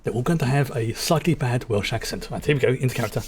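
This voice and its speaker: A man's voice: mid-range voice, fast talker, darkish tone, breathy edge. A man with a London accent giving rambling, chatty commentary while streaming a game, often restarting his sentences. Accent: London English. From England. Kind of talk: casual gameplay commentary.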